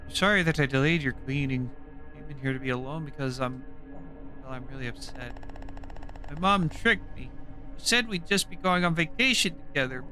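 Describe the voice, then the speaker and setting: A man voicing a nervous, upset young boy who has just been left at a hospital, speaking softly and hesitantly. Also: fairly high pitch. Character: boy, new and tearful, apologetic. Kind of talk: reading game dialogue aloud.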